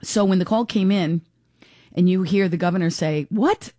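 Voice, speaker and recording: Opinionated lower-voiced radio host woman. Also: moderate pace, warm tone, no room sound, clean studio sound. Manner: chatty, opinionated, frank. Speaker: radio talk show host. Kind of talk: casual opinionated talk radio. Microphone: studio microphone.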